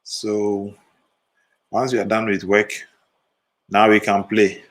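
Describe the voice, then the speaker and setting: A man with a fairly low voice talks loosely to his livestream viewers from his desk. He sounds sleepy, yawning between remarks, and keeps an easygoing, chatty pace. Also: completely flat delivery, slow, poor audio. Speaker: photo retouching livestream host. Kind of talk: casual livestream chat.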